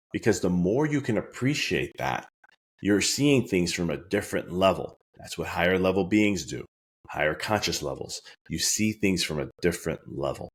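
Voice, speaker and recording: A man giving an earnest, emphatic motivational talk on a podcast. He repeats his key lines and jumps much higher when he acts out his own thoughts. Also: husky. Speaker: wellness speaker.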